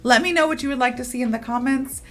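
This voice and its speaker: A woman's voice: high voice, fast talker, fairly bright tone, faint music behind. A young woman teaching English in a chatty, upbeat way with playful asides. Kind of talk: casual online English lesson.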